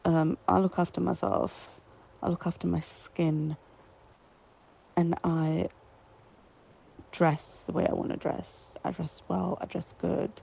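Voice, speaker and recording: Gravelly, husky woman, defiant and dismissive. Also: on the low side, little pitch movement, slow pace, pauses often, warm tone, low-quality recording. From Britain. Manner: defiant, matter-of-fact, dismissive. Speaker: voice note sender. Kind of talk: voice-note reply.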